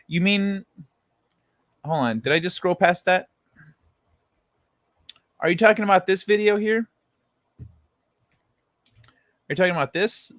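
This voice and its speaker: A man in casual late-night chat with his viewers, easygoing and quick to swear or chuckle. His voice sits a little higher than most men's. The sound is close and dry, with no room echo. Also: a bit bright. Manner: laid-back, swears freely, chuckles while reading chat. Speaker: livestream host.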